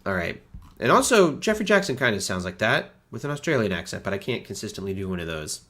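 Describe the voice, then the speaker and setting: A man in his thirties from the United States with a stuffy nose, hosting a chatty, animated livestream. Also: on the low side, fast talker. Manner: chatty and animated, many fillers. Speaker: host. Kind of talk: casual livestream chat.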